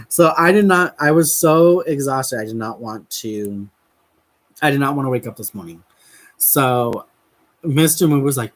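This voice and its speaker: Giggly male vlogger, rambling casual storytelling, mid-pitched voice. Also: moderate pace, fairly bright tone, rough recording. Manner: chatty and giggly, with many fillers and restarts. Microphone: camera mic while crafting.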